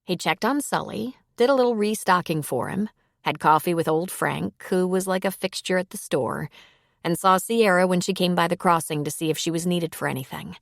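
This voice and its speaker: Female audiobook reader, lowish voice, very dry close recording. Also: normal speed, creaky, no room sound. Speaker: audiobook narrator. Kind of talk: scripted narration.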